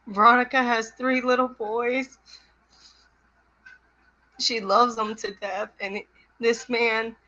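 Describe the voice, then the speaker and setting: Guest mother: middle-aged woman, slow pace, bright tense tone, muffled lo-fi line. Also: a little high, little pitch movement. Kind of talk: testimony on a video call. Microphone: video call. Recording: dull lo-fi sound.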